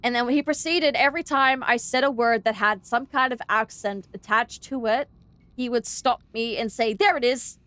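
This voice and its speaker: A young Australian woman streaming a game, chatting along in a loose, rambling way full of "like"s. Her voice sits a little high for a woman, and some of her R's lean slightly American. She sounds close to a desk mic. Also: moderate pace, sharp tone, no echo. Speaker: VTuber streamer. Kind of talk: casual gameplay chat.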